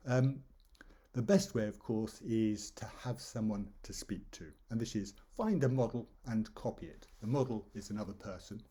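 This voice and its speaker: Male English tutor, lowish husky voice, relaxed explanatory delivery over slides. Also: normal speed. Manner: relaxed explanatory, demonstrates stress and intonation. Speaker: English teacher.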